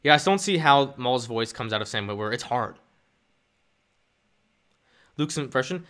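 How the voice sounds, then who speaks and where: A man's voice: mid-range voice, expressive, moderate pace, a bit bright. A young man chatting casually on a live stream, rambling and self-deprecating as he reads chat.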